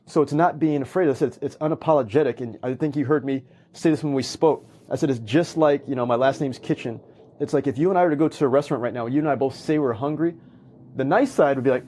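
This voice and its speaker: A man's voice: medium pitch, fast. A man, a guest speaker, telling stories in casual conversation and acting out quoted lines with energy. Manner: animated, acts out quoted lines. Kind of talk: conversational storytelling.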